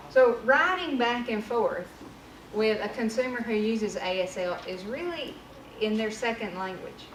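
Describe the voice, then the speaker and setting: A woman trainer giving a casual workshop presentation, candid and conversational. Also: fairly high pitch. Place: training room. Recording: echoey room from far off with noise.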